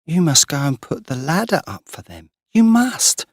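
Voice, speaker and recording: A man's voice: fairly high pitch, big pitch swings, normal speed, breathy edge, no echo, clean studio sound, voice pushed up, full character voice. A man reading an audiobook, voicing a young woman who speaks urgently and insistently.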